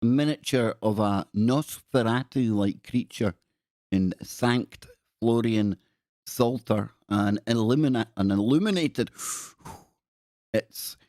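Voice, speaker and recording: A man's voice: medium pitch, unhurried, darkish tone, no echo, studio quality. A man hosting a live stream, rambling and joking as he reads captions aloud in casual commentary. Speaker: live-stream show host.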